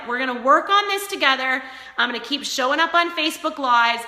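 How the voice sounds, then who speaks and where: A woman fitness coach giving an energetic motivational talk during a live stream, speaking straight to her viewers. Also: high voice, fairly quick. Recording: echoey room with long reverb.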